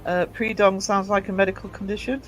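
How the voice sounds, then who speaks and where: Male stream host, high-pitched, chatty, self-deprecating, faint music under. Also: level tone, a little fast. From England. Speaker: livestream host. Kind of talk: casual chat reading viewer comments.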